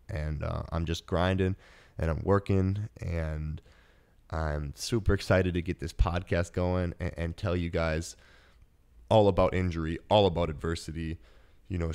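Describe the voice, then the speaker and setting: A man's voice: low voice, gravelly, darkish tone, clean tone. A young man in his twenties, a podcast host, earnestly telling a personal story with many fillers and restarts. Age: 20s.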